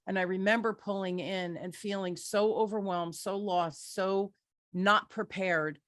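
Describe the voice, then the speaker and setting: A middle-aged woman hosting an interview, telling a personal story in a candid, energetic way. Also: medium pitch, unhurried, dry recording. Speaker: podcast host.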